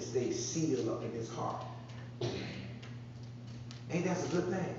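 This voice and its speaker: A man's voice: medium pitch, takes it slowly, far from the mic, noisy background. A man preaching a conversational sermon, repeating phrases and drawing responses from the congregation. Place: church sanctuary. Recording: echoey muffled church sound from afar.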